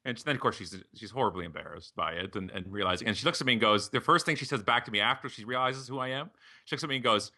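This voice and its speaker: A man's voice: mid-range voice, rapid-fire. A middle-aged man, a podcast guest and author, chatting casually and acting out the voices of people in his stories. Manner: animated, acts out quoted voices when telling stories. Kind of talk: casual storytelling conversation.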